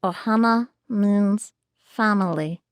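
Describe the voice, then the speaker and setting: A woman's voice: medium pitch, takes it slowly, dry recording, clean studio sound, lightly acted. A woman voicing a small blue alien creature in a strangled, tight-throated voice while practicing voice acting on a podcast. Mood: gruff.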